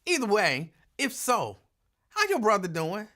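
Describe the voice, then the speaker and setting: Hosting a live afternoon radio show, a man greets listeners by name in a laid-back drawl and breaks into laughter as he tells stories. His voice sits high, swooping wildly in pitch, and sounds unhurried, pushed, and bright.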